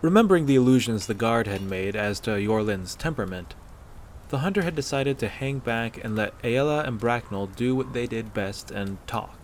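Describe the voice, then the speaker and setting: A man narrating a fan-fiction story aloud in a steady, measured way. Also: medium pitch, slight background noise.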